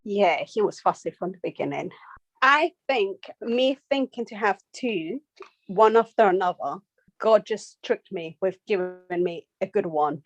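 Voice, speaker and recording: Animated young mother telling her story. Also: mid-range voice, measured pace, no room sound, lo-fi sound. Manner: animated storytelling, quoting herself. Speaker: podcast guest, nurse and mother of two. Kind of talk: casual chat.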